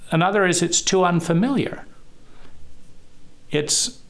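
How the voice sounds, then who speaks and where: A man giving a reflective solo talk on trauma, measured and pausing often. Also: high-pitched. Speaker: trauma educator.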